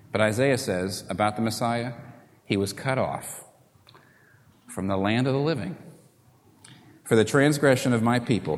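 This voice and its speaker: A man preaching a sermon, swinging from loud, urgent appeals down to hushed, quiet lines. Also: mid-range voice, long reverb tail.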